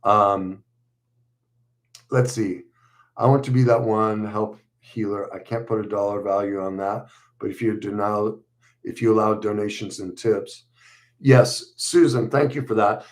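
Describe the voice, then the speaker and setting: A middle-aged man hosting a casual livestream, reading viewers' comments aloud and answering them in a relaxed, conversational way with frequent fillers. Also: fairly low pitch, unhurried. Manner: reads viewer messages aloud and responds warmly, conversational with fillers.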